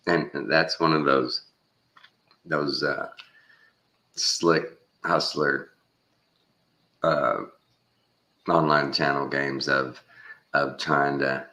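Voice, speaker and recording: A man's voice: extremely low pitch, pushed and bright. A man from Texas giving a rambling, sarcastic commentary from home, scornful of the people he talks about. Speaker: channel host. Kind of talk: casual commentary vlog.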